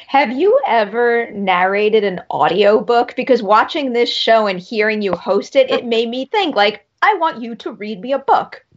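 A woman's voice: on the high side, expressive, normal speed, hardly any pauses. A woman interviewing a guest, asking eager, casual questions. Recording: slightly dull lo-fi sound.

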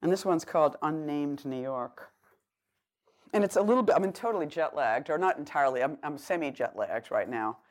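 A middle-aged woman from Boston reads her poetry aloud, and her Boston accent comes through clearly. She declaims the verse, then talks between poems in a halting, meandering way, full of "like" and "um.". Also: sits low, animated. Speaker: poet. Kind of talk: live poetry reading with chat between poems.

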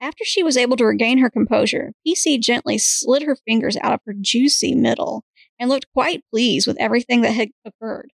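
A woman podcast co-host reading an erotic story aloud in a steady voice. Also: a little high, fairly quick, creaky, no room sound, rough recording. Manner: steady reading, breaks into laughs.

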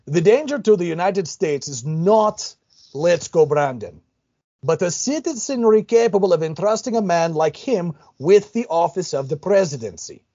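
A man's voice: high voice, expressive, normal speed, warm tone, muffled recording. A man putting on a declaiming Ukrainian accent. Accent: put-on Ukrainian. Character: man reading a stern statement in a put-on Ukrainian accent.

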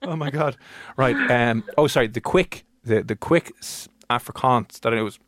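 A man's voice: mid-range voice, normal speed, a bit bright, no room sound. An Irish man hosting a casual radio show, teasing and joking with his co-host and a caller.

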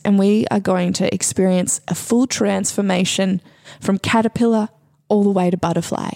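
A woman's voice: mid-range voice, warm tone. A woman hosting a solo comedy podcast, talking in a playful, rambling, self-mocking way.

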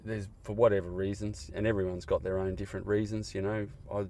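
Middle-aged man, fairly low-pitched, earnest and halting, a reflective podcast guest. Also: level tone, warm tone. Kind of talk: candid conversation. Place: car park.

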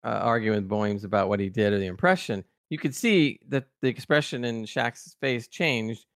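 A man's voice: mid-range voice, normal speed, a bit bright, no echo, clean studio sound. A man co-hosting a casual podcast review, speaking emphatically and with exasperation as he hammers on what he dislikes. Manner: emphatic and exasperated, pounding on flaws. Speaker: podcast co-host reviewing a TV episode.

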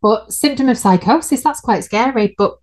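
A woman's voice: fairly high pitch, expressive, normal speed. A woman, co-hosting a podcast in casual chat and laughing at her own slips. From United Kingdom. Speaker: podcast co-host.

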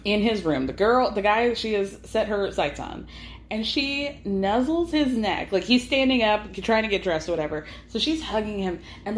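A woman's voice: medium pitch, slight background noise. Chatty woman recapping, roomy sound. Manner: chatty, filler-heavy, laughing often. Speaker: podcast host. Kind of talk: casual recap chat. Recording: roomy echo.

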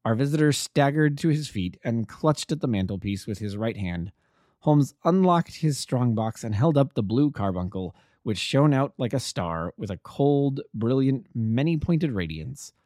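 A man, an amateur narrator, reading a classic story aloud in a steady, plain way. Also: mid-range voice, a little slow, dry recording, clean studio sound. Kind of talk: audiobook narration.

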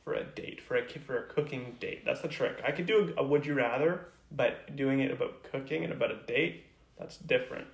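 A man's voice: medium pitch, fairly quick, creaky, roomy sound. A man co-hosting a casual podcast chat, playful and teasing, rambling through made-up scenarios. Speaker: podcast co-host.

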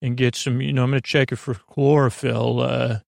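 Brisk clever traveler, read by a man; offhand, gravelly. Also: mid-range voice, little pitch movement, dry recording, studio quality, natural voice.

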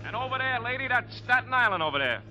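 Brief: a grasping New cabbie, brusque and streetwise, sharp and forceful, old radio drama. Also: male voice, very high voice, sing-song, fast, faint music behind, heavily acted, poor audio. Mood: gruff, cynical. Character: gruff New York cab driver, grasping and cynical. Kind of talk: 1950s radio drama acting.

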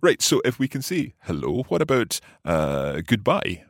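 A man's voice: mid-range voice, huge pitch swings, moderate pace, no echo, studio quality. A middle-aged man hosting a language lesson podcast, curious and good-humoured, asking lots of questions. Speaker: podcast host and learner. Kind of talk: scripted language lesson chat.

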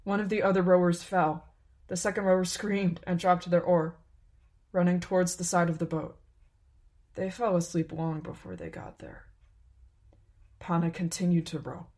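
A woman narrating a story in a calm, unhurried, even way. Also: on the low side. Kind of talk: scripted narration.

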